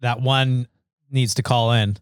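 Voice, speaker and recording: A man's voice: mid-range voice, steady tone, slow, clean tone, no echo. A man co-hosting a casual podcast, laid-back and wisecracking alongside his partner. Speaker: podcast co-host.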